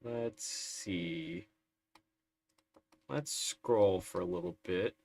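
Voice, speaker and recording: Low-voiced man, slow wry game commentary. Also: darkish tone. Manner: wry, sarcastic, chatty. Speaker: streamer. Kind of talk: live gameplay commentary.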